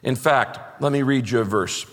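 A man's voice: medium pitch, moderate pace, in a large hall. A middle-aged man preaching a sermon, emphatic and repeating his key phrases as he reads scripture aloud. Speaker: pastor.

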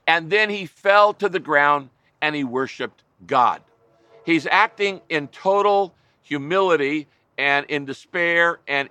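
Bright-voiced man preaching a sermon. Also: a little high, dry recording. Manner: emphatic preaching with repeated lists. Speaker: pastor.

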